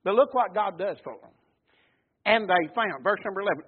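A man preaching a sermon, rousing and rising to shouts with call-and-response amens. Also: high-pitched, animated, fairly quick, husky. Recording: tinny phone-like radio broadcast.

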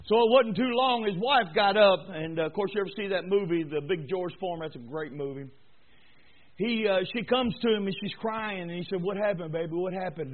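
A man preaching a sermon to a church congregation, dropping to low murmurs and rising to high shouted exhortation. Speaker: pastor. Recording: tinny phone-like sound.

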